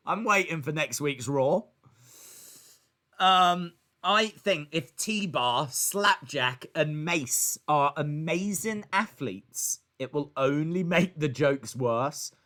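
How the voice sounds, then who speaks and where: A young man hosting a live wrestling watch-along stream, chatting in a jokey, animated way and acting out little scenes with sudden shouted bits. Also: sits high.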